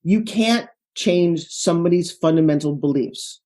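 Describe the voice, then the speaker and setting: A middle-aged woman from Long Island, New York, with a Long Island accent, telling stories as a guest in a casual interview, animated and self-mocking. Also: on the low side. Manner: animated, quick asides and self-mocking humor.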